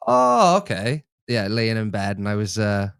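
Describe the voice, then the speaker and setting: A young man co-hosting a casual stream, telling stories in a relaxed, easygoing way. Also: lowish voice, unhurried, gravelly, clean tone. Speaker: co-host. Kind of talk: casual live-stream chat.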